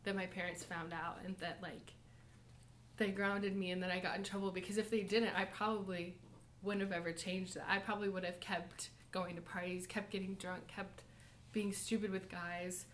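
A young woman in a church college group, giving a personal testimony and short lesson, talking softly and haltingly with many fillers and nervous laughs. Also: fairly low pitch, flat delivery, a little hiss or hum. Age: young adult.

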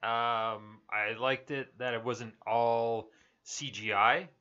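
A man's voice: mid-range voice, fairly even intonation, takes it slowly, bright, forceful tone, highs cut off. A man in a casual movie chat who stops and restarts his sentences with many ums. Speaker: podcast co-host.

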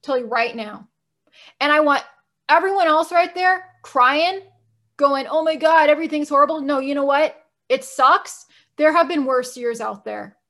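A high-voiced woman co-hosting a casual podcast. She is blunt and emphatic, drops frequent swear words, and pushes her points hard. Her tone is bright and forceful. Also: measured pace. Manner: blunt, profane, emphatic ranting. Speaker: podcast co-host.

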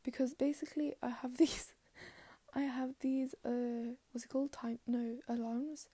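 A young woman in her late teens hosting a solo podcast. She rambles in a put-on Scottish accent, is hard on herself, and often trails off into soft murmurs. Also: high-pitched, flat delivery, a little slow, no room sound. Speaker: podcast host.

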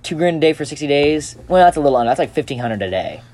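A man's voice: on the high side, big pitch swings, racing, a little mellow. A young man hosting a podcast in casual chat, rambling with fillers and restarts. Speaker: podcast host. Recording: faint background hiss.

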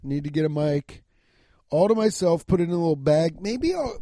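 A young man hosting a casual solo podcast, rambling loudly and profanely while lying down and yawning. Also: a little high, expressive, moderate pace, no room sound, studio quality. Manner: loud, rambling, profane, laughing at his own jokes. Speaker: podcast host.

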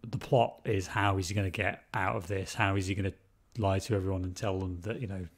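A man's voice: low voice, fairly even intonation, a little fast. A man co-hosting a podcast, talking casually about a film, repeating words and swearing freely. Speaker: podcast co-host.

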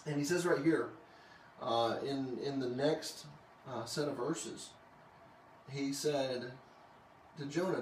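A man hosting a casual Bible study, reading scripture aloud and joking about it in an animated way. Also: medium pitch, takes it slowly, pauses often, a little hiss or hum. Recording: roomy, distant mic with faint ambience.

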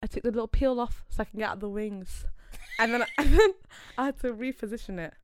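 A young woman, co-hosting a casual podcast chat and telling a story with loud excited outbursts. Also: a little high, fast, noisy background. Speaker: podcast co-host.

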